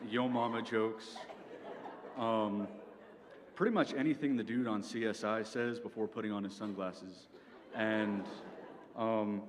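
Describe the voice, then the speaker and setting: A man's voice: fairly low pitch, noisy background. A young man performing a stand-up comedy set at a university venue, with a dry delivery like a lecture and frequent "okay?" asides. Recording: long hall reverb, faint ambience.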